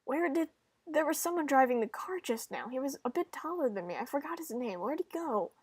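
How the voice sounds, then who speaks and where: A woman's voice: sits high, expressive, brisk, a little mellow, no room sound. Woman doing a puzzled, forgetful young man. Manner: uncertain, questioning.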